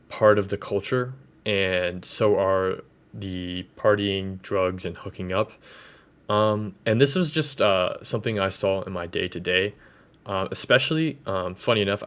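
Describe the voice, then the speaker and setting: Young dude ranting to camera, kinda low voice, lots of ums and bro talk. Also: male voice. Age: 20s. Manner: loose, slangy, lots of fillers. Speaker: vlogger. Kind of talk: casual rant.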